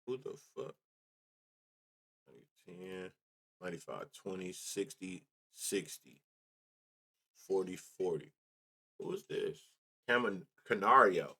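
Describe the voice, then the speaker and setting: Low-voiced man muttering through baseball stats. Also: expressive, takes it slowly, long pauses, fairly bright tone, slightly rough. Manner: thinks aloud, reads off numbers, mutters, casual swearing. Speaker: sports betting show host. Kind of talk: casual solo stats rundown.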